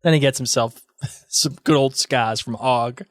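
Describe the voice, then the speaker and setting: A man's voice: medium pitch, no echo. A man co-hosting a podcast, chatting casually with playful asides. His voice sits in a middle range, recorded close and dry. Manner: playful, quick agreeing asides. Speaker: podcast co-host. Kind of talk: casual chat.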